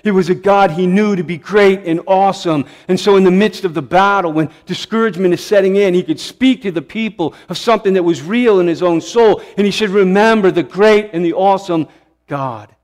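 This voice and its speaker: Impassioned high-voiced male pastor preaching. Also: a little fast, big-room sound. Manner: impassioned, swelling to emphatic peaks then dropping hushed. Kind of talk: sermon. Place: church sanctuary.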